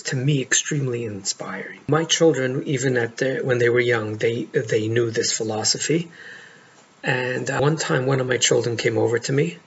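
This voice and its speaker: A middle-aged man speaking as a life coach in an earnest, heartfelt monologue, often pausing to stress words. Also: medium pitch, vocal fry, a bit bright. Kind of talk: monologue to camera. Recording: dull lo-fi audio with faint noise.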